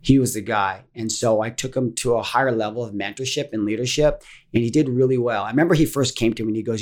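A middle-aged man, a guest in a casual interview, telling earnest stories fast and acting out the dialogue. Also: medium pitch, darkish tone. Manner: earnest, fast-paced storytelling that acts out dialogue. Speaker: interview guest, fitness business owner.

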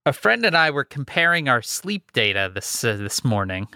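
A man's voice: medium pitch, very animated, moderate pace, pushed and bright, no room sound, clean studio sound. A man co-hosting a podcast in casual, playful chat, talking up his good mood. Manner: playful, chatty, mock-upbeat. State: scratchy throat. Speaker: podcast co-host.

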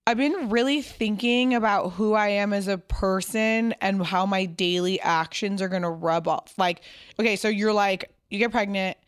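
A woman's voice: medium pitch, normal speed, clear, resonant tone, no room sound, studio quality. A woman in her thirties, a podcast guest chatting casually, swearing freely and telling stories with animation. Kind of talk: casual chat.

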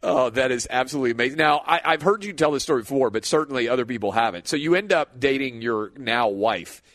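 A man's voice: medium pitch, fast, a bit bright, no echo. A man hosting an interview, asking leading questions with enthusiasm. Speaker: interview host. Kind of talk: conversational interview.

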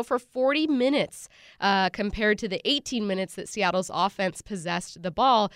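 A woman's voice: medium pitch, fairly bright tone, no echo, studio quality. A woman co-hosting a sports talk show, her voice nasal from a cold, leading the discussion with questions and stats. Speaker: sports radio co-host.

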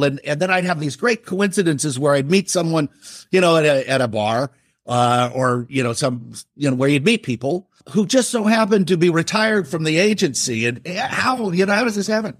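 A man's voice: on the high side, sing-song, brisk, no room sound, clean studio sound. A middle-aged man, a writer, telling a family story in a casual, rambling way. He interrupts himself often and acts out what others said.

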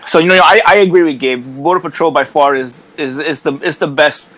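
A man's voice: fairly high pitch, brisk, fairly bright tone, low-quality recording. A man, a wrestler, chatting casually on a podcast, rambling with lots of restarts and swearing. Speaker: wrestler guest.

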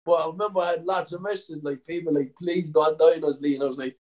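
A man's voice: fairly high pitch, fairly even intonation, quick pace, darkish tone, poor audio. A young Irish man, a professional fighter, telling stories in a casual interview, rambling with lots of fillers and swearing.

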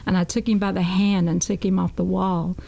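A woman's voice: fairly low pitch, little pitch movement, brisk, vocal fry, warm tone. A woman guest on a talk show, telling her testimony in an earnest, folksy way and often repeating "I said.". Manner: earnest, folksy storytelling with a lot of "I said".

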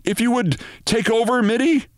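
Guy reading as a worried haggard doctor, hurried, somewhat low voice. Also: no room sound, clean studio sound, lightly acted. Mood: nervous. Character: anxious male doctor, haggard and nervous.

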